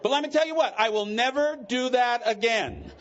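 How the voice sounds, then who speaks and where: Middle-aged man, high voice, joking and heartfelt testimony, muffled old convention recording. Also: normal speed, fairly bright tone, a little hiss or hum. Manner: candid, joking, emotional storytelling. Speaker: recovery meeting speaker. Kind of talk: personal testimony talk.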